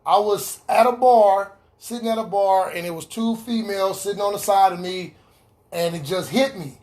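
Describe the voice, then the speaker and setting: With a high, slightly mellow voice at a moderate pace, a man tells his recovery story over a video call in an online meeting. His testimony is earnest, and he stresses important lines by repeating them.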